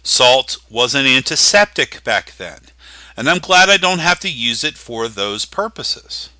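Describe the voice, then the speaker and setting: Bright, lively male preacher. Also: medium pitch, no room sound. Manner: teaching, emphatic with slow stressed phrases. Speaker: pastor. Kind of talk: sermon.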